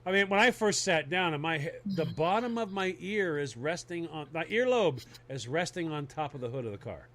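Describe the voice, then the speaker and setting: Animated high-voiced man telling a story. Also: normal speed, hardly any pauses. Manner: animated, laughing through the story. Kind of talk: casual comedic storytelling.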